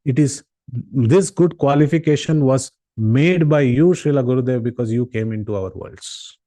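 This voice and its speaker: A man's voice: medium pitch, moderate pace, dark tone, no room sound. Man, devotional lecture, earnest storyteller, dry close sound. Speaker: devotional class speaker. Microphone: online call.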